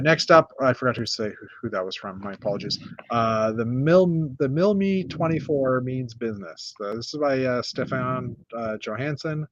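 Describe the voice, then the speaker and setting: A man's voice: medium pitch, dry recording, highs cut off. Rambling man hosting a casual chat. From North America. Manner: rambling, lots of uh and restarts, shows builds one by one. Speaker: podcast host.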